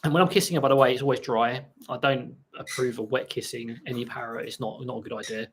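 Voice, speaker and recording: A man's voice: medium pitch, fairly even intonation, fast, background noise. A man hosting a casual live stream at home, answering viewers' questions and breaking off to talk to his parrots. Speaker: parrot channel host. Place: home room with pet parrots. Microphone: laptop for live stream. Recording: parrot squawks and clicks in background.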